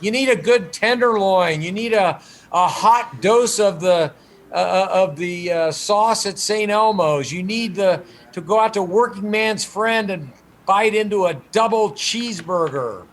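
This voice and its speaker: A man's voice: high-pitched, a little slow, slight background noise. A man speaking as a mayor in an interview, friendly and rambling with many hesitations. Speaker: big-city mayor, interviewee. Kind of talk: relaxed interview banter.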